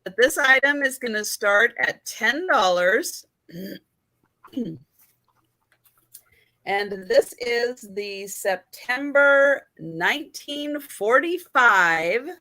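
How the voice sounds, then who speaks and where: A woman's voice: a little high, pushed and bright. A woman hosting a live online sale, presenting items on a video call. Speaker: host selling vintage photos.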